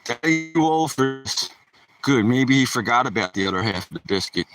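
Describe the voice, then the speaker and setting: A man's voice: mid-range voice, animated, normal speed, fairly bright tone, distant mic. A man streaming casually, joking around and talking to his dog while out on a walk.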